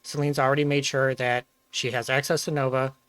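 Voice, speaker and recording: A man's voice: mid-range voice, level tone, fairly quick, a bit bright, clear, resonant tone. A man hosting a stream, energetically explaining a roleplay story and thanking his chat. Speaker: Twitch streamer host.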